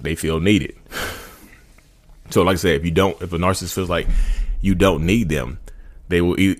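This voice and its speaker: Deep-voiced man talking casually to viewers. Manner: informal, restarts and repeats phrases, addresses viewers as y'all. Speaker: vlogger speaking about narcissism. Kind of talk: casual direct-to-camera talk.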